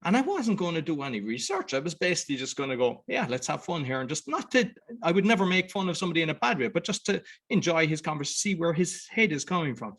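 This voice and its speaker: A man's voice: a little high, big pitch swings, fast, few pauses, fairly bright tone. A man with an Irish accent hosting a podcast, talking in a loose, rambling way and acting out other people's words as he goes. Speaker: podcast host. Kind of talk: casual conversation.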